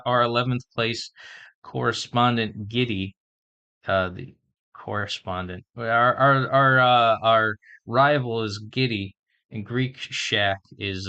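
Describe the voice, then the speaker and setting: Male vlogger, mid-range voice, slow deliberate delivery, casual chatty self-talk while studying. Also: medium pitch, pushed and bright. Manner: slowly sounds out and spells words while learning; chatty, thinking aloud. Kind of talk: casual language-learning vlog.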